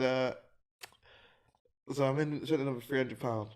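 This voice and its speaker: Man, casual podcast co-host, middle pitch, storyteller who laughs at his own tale. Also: steady tone, moderate pace, darkish tone. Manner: storytelling, laughs through punchlines. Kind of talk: casual chat.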